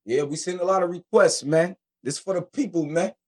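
A man with a high-pitched voice hosts a casual live stream, talking fast and loose in heavy slang. He sounds excitable and hyped, reacting loudly between tracks. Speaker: show host reacting to rap tracks.

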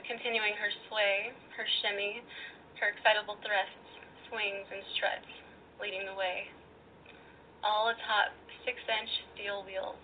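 Woman reading a story over a phone line. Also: mid-range voice. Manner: expressive, teasing. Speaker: caller reading her story. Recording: tinny phone line, faint noise.

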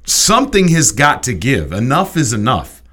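A man hosts a sports talk debate with a bright, forceful tone. He rants emphatically, piling point on point and tripping into quick restarts as he pushes his case. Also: mid-range voice, husky. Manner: animated, emphatic ranting with restarts. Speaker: sports talk show host.

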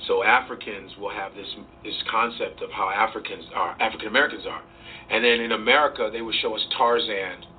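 A man being interviewed as a comedian, talking in an animated, profane way and acting out voices as he goes. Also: fairly low pitch, fairly quick. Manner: profane, acts out voices and quotes. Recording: distant tinny sound with faint hiss.

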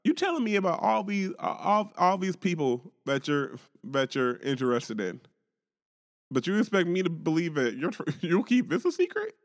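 A man's voice: on the high side, moderate pace. Guy cracking up and cursing on a podcast, kinda reverby sound. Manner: laughs often, profane, animated storytelling. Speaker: podcast co-host. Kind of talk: casual chat.

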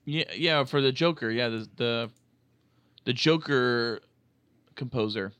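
Podcast co-host, male, bright crisp voice, dry close mic, jokey and loose. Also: mid-range voice, takes it slowly, no room sound. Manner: jokey, hesitant restarts, leads the segment. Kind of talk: casual chat.

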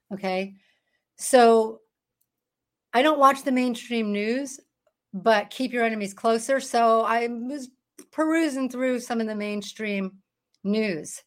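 A woman with a slightly high voice leads a Bible study from her phone. She talks in a chatty, emphatic way, mixing easy asides with forceful preaching. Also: slow, long pauses. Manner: chatty and emphatic, breaks into laughs and mock voices. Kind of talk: casual preaching to camera.

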